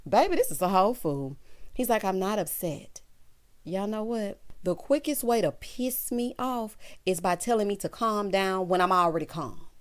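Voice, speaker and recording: A woman, talking through a reality show recap. She is sassy and animated, and she slips into changed voices when she quotes people. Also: medium pitch, normal speed. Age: 30s. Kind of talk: casual recap commentary.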